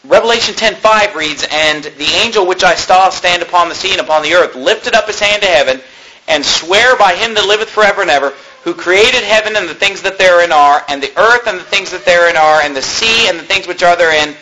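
A male pastor preaching a sermon, impassioned and animated, with mocking asides. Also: sits high, brisk, slight background noise, low-quality recording.

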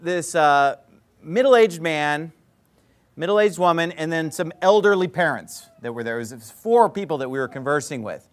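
A man's voice: a little high, expressive, moderate pace. A man preaching a sermon, plain-spoken and blunt, acting out both sides of a conversation as he tells a story. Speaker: pastor.

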